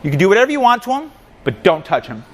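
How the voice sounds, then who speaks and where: A man's voice: sits high, huge pitch swings, quick pace, voice pushed up, heavily acted. A man voicing God as an easygoing, confident figure who talks like a buddy while he retells a story. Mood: casual confident. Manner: casual, buddy-like.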